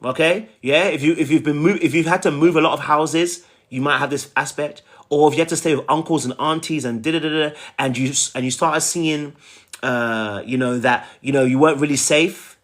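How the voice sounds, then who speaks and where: A man's voice: a little high, fairly quick. A man giving a relationship coaching talk, emphatic and repetitive, often checking in with "okay?" and "right?".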